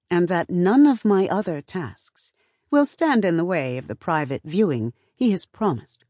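Measured woman narrating an audiobook. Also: fairly low pitch, dry recording, clean studio sound. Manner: measured, even storytelling. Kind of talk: scripted first-person audiobook narration.

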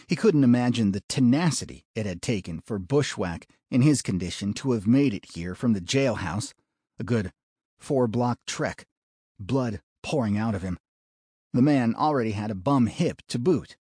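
A man narrating a western audiobook in an unhurried, expressive way. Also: medium pitch, husky, no echo, studio quality.

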